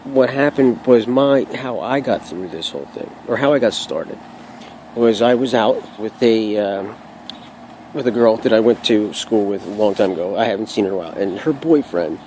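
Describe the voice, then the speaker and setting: A man's voice: fairly low pitch, normal speed, a little mellow, slight background noise, low-quality recording. A young man talking casually to camera at home, rambling and restarting often, swearing freely as he shares his own story. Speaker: vlogger sharing his own experience. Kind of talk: casual unscripted monologue to camera.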